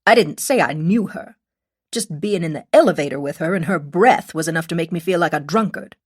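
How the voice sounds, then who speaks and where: A woman's voice: deep voice, fairly quick, husky. A woman doing a scolding, churchgoing old woman in her late seventies. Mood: snappish. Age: older. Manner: scolding, preachy.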